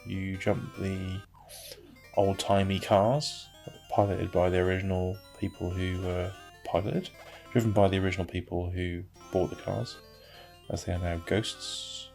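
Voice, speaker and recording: Gravelly British man grumbling over gameplay. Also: sits low, level tone, unhurried, a little mellow, soft background music. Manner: grumbling, wry and offhand, with dry asides. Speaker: retro game reviewer. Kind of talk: casual gameplay commentary.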